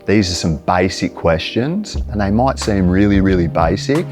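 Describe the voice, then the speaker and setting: An Australian man speaking to camera, giving plain-spoken, step-by-step advice in a calm, instructive manner. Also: sits low, normal speed, music in the background. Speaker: mental health presenter. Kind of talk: direct-to-camera advice talk.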